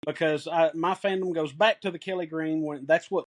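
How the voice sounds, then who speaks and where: A middle-aged man with a Tennessee accent tells folksy, excited stories on a casual podcast. His voice sits high for a man. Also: moderate pace. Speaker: podcast co-host. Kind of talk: casual sports podcast chat.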